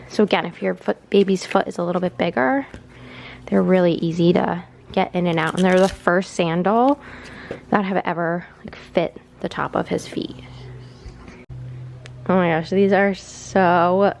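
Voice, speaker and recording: A woman's voice: fairly low pitch, creaky, a little mellow, a little hiss or hum. A young pregnant woman chatting casually in a home vlog, rambling with lots of fillers and slightly out of breath. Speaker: vlogger and mother.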